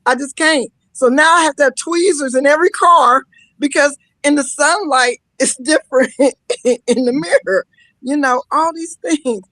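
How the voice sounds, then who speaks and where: A woman guest on a live-streamed talk show, telling lively personal stories with frequent laughter and mock-scolding asides. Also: sits high, normal speed, dry recording, poor audio. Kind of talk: emotional casual talk-show chat.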